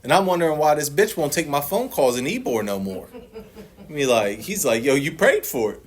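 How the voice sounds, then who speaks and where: A man's voice: fairly high pitch, lively intonation, a little fast. A man speaking at a recovery meeting, sharing his personal testimony in a blunt, profane, storytelling way and acting out other people's lines.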